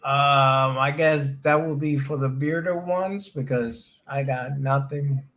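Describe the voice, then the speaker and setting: A man's voice: medium pitch, fairly even intonation, a bit bright, low-quality recording. A man co-hosting a casual crypto livestream, reading viewer comments aloud. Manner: slow, reads chat comments aloud. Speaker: stream co-host reading chat.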